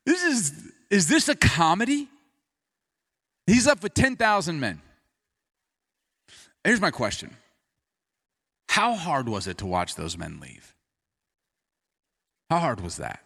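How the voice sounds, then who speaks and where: Animated male preacher. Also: fairly high pitch, slow pace, gravelly, pauses often, slightly rough. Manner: animated storytelling with sudden drops to quiet intensity. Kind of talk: sermon.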